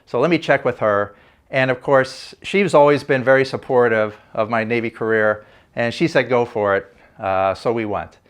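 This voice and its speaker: An older man, a former Navy fighter pilot, telling a story for a documentary interview in a relaxed, anecdotal way with frequent fillers. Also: medium pitch, moderate pace.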